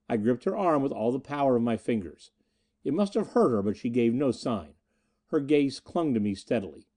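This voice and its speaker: A male narrator reads a first-person adventure tale in an earnest, dramatic way. His voice is mellow and warm in tone. His pitch rises and falls freely as he tells the story. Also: sing-song, brisk. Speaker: audiobook narrator.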